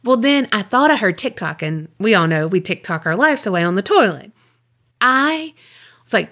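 A woman co-hosting a podcast, telling a rambling story in animated casual chat, swearing and laughing often. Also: medium pitch, normal speed. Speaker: podcast co-host.

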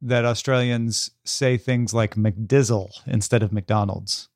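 An American man co-hosting a casual podcast, with a wry, matter-of-fact delivery. His voice has a middling pitch and comes across dry and close, with no room sound. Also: fairly even intonation, slow, darkish tone, no room sound. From United States. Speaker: podcast co-host.

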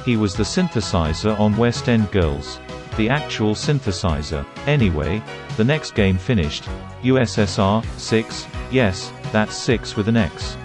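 Male reader, low-ish voice, deadpan, music bed behind. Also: unhurried. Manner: deadpan, dry humour. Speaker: podcast segment reader. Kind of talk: deadpan reading of results.

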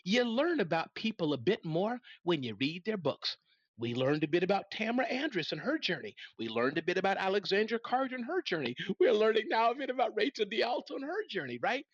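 A middle-aged man hosting a live business talk, energetic and folksy, speaking straight to his listeners. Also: high voice, brisk, slightly rough, no room sound, highs cut off. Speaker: host.

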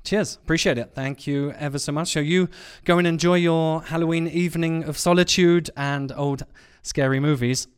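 A man's voice: fairly high pitch, steady tone, normal speed, hardly any pauses, clean tone. Chatty, jokey man co-hosting a podcast. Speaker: podcast co-host. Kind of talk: casual chat.

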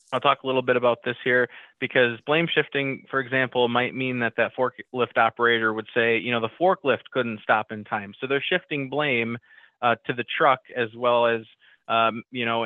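A man's voice: mid-range voice, no room sound. A man co-hosting an instructional safety talk, speaking conversationally with many fillers and restarts. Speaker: co-host. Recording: tinny phone-like line.

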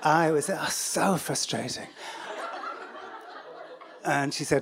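A man's voice: a little high, takes it slowly, creaky, pauses often, fairly bright tone. A man with an English accent telling a personal story live, in a wry, rambling way full of asides and fillers.

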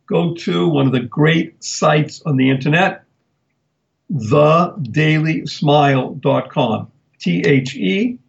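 An older man hosting a live talk radio show, speaking slowly and deliberately and spelling words out for emphasis. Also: a little high, gravelly, highs cut off.

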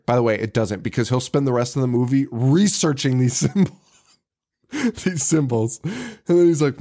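A man's voice: medium pitch, moderate pace, warm tone. A man co-hosting a casual podcast, recapping a horror movie and laughing often as he quotes scenes. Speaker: podcast co-host.

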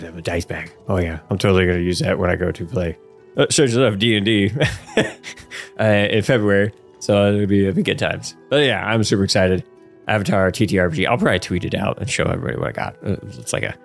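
A man co-hosting a casual podcast, chatting with excited, geeky enthusiasm and frequent laughter. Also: low voice, fast talker, vocal fry, soft background music. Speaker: podcast co-host. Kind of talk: casual chat.

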